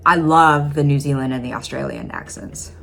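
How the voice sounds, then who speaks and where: Midwest woman reacting to a video, low voice, rambly, lots of "like" and "um", faint hiss behind. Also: normal speed, gravelly. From Midwest United States. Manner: rambling, heavy with "like" and "um". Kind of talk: casual commentary.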